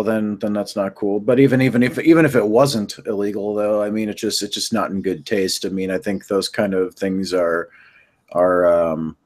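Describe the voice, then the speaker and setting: A man with a lowish voice talks as a guest in a casual online chat. He sounds easygoing, chuckling often and hedging his points with "I mean" and "you know.". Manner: easygoing, laughs, hedges with "I mean". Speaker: podcast guest.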